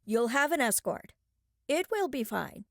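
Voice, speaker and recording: A woman's voice: sits high, sing-song, unhurried, gravelly, fairly bright tone, no echo, clean studio sound, exaggerated voice. A woman voicing a polite, composed male chauffeur with a slight foreign accent in an audiobook. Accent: slight unplaced foreign accent. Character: calm mysterious male chauffeur.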